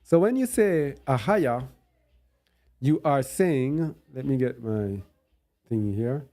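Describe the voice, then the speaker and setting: A man's voice: mid-range voice, lively intonation, takes it slowly, warm tone. A man giving an unscripted bible teaching. He thinks aloud while searching on screen and repeats words for stress.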